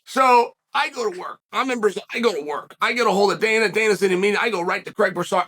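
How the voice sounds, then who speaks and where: Fight-show host, man, high and bright voice, casual and emphatic, repeats lines for punch. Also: quick pace, hardly any pauses, a little hiss or hum. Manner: rambling, breaks off to direct his son off camera; emphatic, repeats phrases for effect. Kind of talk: casual commentary and storytelling.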